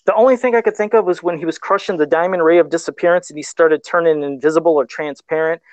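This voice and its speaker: A man's voice: on the high side, steady tone, quick pace, darkish tone, dry recording, lo-fi sound. A man talking casually on a livestream about his first sculpted custom figure, self-deprecating and laughing often. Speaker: guest toy sculptor.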